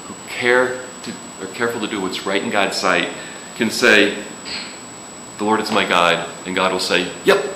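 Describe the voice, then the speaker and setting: A man's voice: on the low side, steady tone, moderate pace, noisy background. A man preaching a sermon in a casual, joking way, with sudden emphatic rises. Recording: echoey room with faint ambience.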